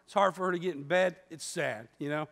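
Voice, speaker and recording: A man in his fifties preaches in a church with a high, bright voice. He tells stories in a chatty, self-mocking way. The sound rings with a long hall reverb. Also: a little fast, gravelly. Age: 50s. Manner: storytelling, conversational and self-mocking. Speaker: pastor. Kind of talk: sermon. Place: church sanctuary.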